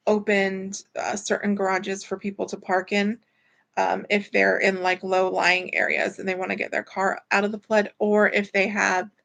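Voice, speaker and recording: A woman's voice: medium pitch, vocal fry, a bit bright. A woman hosting a casual live stream from home, chatting in a rambling way and reading viewer comments aloud. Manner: rambling and chatty, with many fillers. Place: at home, indoors.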